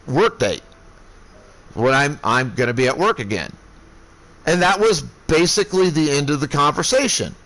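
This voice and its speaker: A man in his thirties streaming from home, telling a story in a casual, profane way that flares into shouting. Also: on the high side, low-quality recording. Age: 30s. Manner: profane, heated retelling, shouting when angry.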